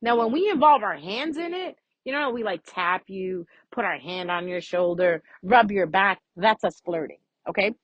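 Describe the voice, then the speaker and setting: A woman's voice: medium pitch, lively intonation, normal speed, hardly any pauses, no echo, muffled recording. A woman giving a casual, frank astrology reading as a vlogger, chatty and freely swearing.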